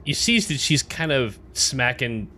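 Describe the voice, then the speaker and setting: A man's voice: medium pitch, very animated, measured pace, bright, forceful tone, slight background noise. A man narrating as game master in a loose, casual way with many fillers.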